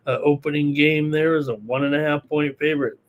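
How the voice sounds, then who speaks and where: Male betting-show host, hoarse, slightly high voice, casual rambling live analysis. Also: steady tone, brisk, phone-quality sound. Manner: rambling, thinks aloud with fillers. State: hoarse, losing his voice.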